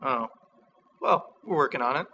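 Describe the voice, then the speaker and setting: A man's voice: mid-range voice, lively intonation, normal speed, sharp tone, slight background noise, low-quality recording. An American man, a guest demonstrating pronunciation, reading example words and giving short, patient confirmations.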